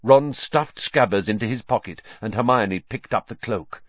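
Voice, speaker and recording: A man narrating an audiobook in an expressive storytelling manner. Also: on the low side, normal speed, husky, dry recording, dull audio. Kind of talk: scripted narration.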